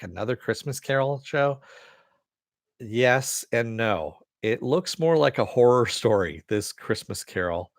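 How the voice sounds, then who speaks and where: A man's voice: lowish voice, dry recording, clean studio sound. A man hosting a podcast, chatting casually and rambling through entertainment news with a laid-back, profane manner and frequent laughs. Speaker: podcast host. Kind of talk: casual chat reading listener comments.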